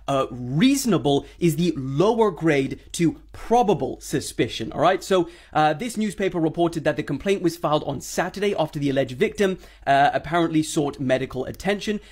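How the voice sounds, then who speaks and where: A man's voice: a little high, darkish tone, husky. A man giving an earnest news update, warning viewers not to trust rumors. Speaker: news commentator. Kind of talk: casual news update to camera.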